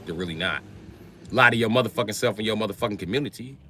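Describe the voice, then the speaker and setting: A brash American man in African American Vernacular English, hosting a casual livestream rant. His voice is piercingly bright and sits a little low. He swears freely and swings between loud outbursts and low mutters. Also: fast, a little hiss or hum. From United States. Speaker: livestream host.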